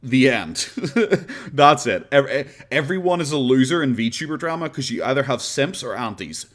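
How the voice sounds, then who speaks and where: An Irish man chatting on a live stream, rambling from one thought to the next. His voice sits at a middle pitch, and his tone is sarcastic and loose. He laughs easily as he talks. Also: animated, normal speed, a bit bright. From Ireland. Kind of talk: casual live-stream chat.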